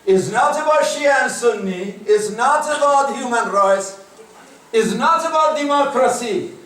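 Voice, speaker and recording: Impassioned imam in an echoing hall. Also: male voice, extremely high pitch, animated, a little slow, a bit bright. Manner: impassioned, emphatic preaching with rising exclamations. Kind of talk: sermon. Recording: very echoey hall, mic at a distance.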